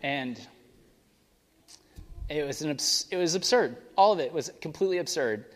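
A young adult male pastor with a slightly high, animated voice and moderate pace rambles casually through a sermon story and prayer, correcting himself often. He is in a church sanctuary, and the recording carries a long reverb.

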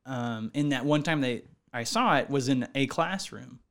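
A man's voice: mid-range voice, moderate pace, a bit bright. A man co-hosting a casual podcast, reading listener emails aloud and rambling with lots of fillers and laughter. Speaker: podcast co-host.

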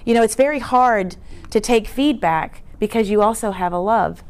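A woman's voice: medium pitch, normal speed, clean tone. Earnest woman giving a talk. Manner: conversational, frequent rhetorical "right?"; earnest, emphatic. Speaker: presenter. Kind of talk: teaching presentation.

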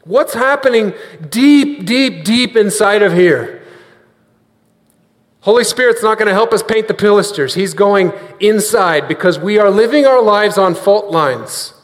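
A man's voice: sits high, lively intonation, a little slow, in a large hall. A man preaching a sermon, earnest, leading the congregation in repeating lines after him.

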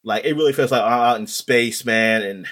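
A man's voice: mid-range voice, moderate pace, a bit bright. A man chatting casually in a podcast, rambling with many ums and restarts. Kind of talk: casual chat about video games.

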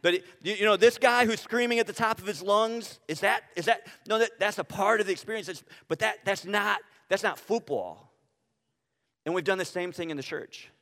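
A pastor with a fairly high voice delivers his sermon from the pulpit. He peppers it with rhetorical questions and restarts, and his words trail off in a long, reverberant sanctuary echo. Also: normal speed, fairly bright tone. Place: church sanctuary. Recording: reverberant church hall.

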